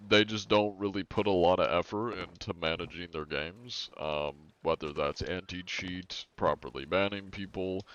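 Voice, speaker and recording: Low-voiced man streaming casually. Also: normal speed, few pauses, a bit bright, dull audio. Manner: rambling, laid-back, chuckling asides. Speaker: game streamer. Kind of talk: casual live-stream chat.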